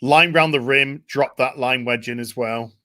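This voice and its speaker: A British man hosting a casual live chat over a video call, excitable and sweary. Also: mid-range voice, measured pace. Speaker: host.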